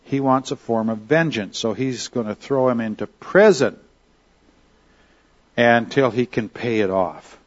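Leading a Bible study at a measured pace, this middle-pitched teacher keeps things relaxed and conversational, repeatedly asking "okay?" or "all right?" to check in. The audio is dull and a bit lo-fi.

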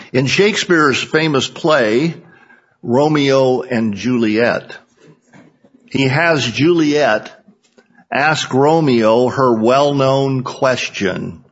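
Middle-aged Sunday school teacher, folksy jokester, slow delivery on a muffled recording. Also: male voice, mid-range voice, slightly rough. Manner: folksy, joking, unhurried. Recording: dull lo-fi recording.

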